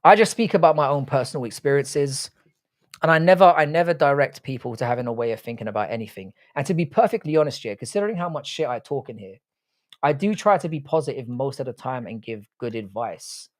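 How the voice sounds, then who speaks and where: A man hosts a casual live stream, reading out chat comments in a mid-range, animated voice at a brisk pace. He talks bluntly, swears often, and keeps restarting his rambling thoughts.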